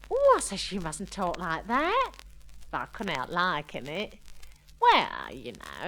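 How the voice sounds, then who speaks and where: Woman putting on a breathless young working-class girl gossiping about her night out at the dance, rough slangy grammar, lively and fairly high voice, reeling off a comic monologue on a vinyl record. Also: poor audio. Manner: ungrammatical cockney-style chatter, "we done", "I says".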